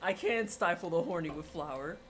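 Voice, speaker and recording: In a fairly low voice at a moderate pace, a woman streamer chats casually with viewers while baking on a livestream. She's giggly and teasing, laughing and exclaiming often.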